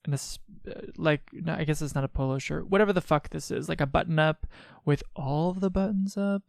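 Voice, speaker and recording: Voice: medium pitch, a little fast, vocal fry, no room sound, studio quality. A let's play host giving casual commentary, chatty, with frequent laughs and sarcastic asides.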